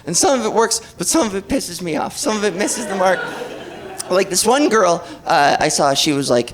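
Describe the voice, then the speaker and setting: A trans woman performing a stand-up set, animated and self-deprecating, swearing freely and laughing at her own jokes. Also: lowish voice, normal speed, poor audio. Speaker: stand-up comedian. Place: comedy club stage. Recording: live club audience laughing.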